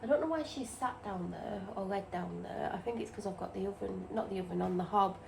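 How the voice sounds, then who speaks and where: A woman's voice: mid-range voice, brisk, gravelly, background noise. A tired woman rambles in casual chat about her day while cooking in her home kitchen. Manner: rambling, chatty, self-deprecating. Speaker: vlogger.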